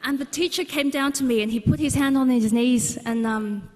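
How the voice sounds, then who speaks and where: Aussie woman telling funny stories on stage, lots of um and like, fairly high voice. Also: normal speed, darkish tone. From Australia. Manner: humorous, anecdotal, frequent fillers. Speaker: speaker at a book launch. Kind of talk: personal storytelling talk. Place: large exhibition hall, live audience. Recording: long hall reverb.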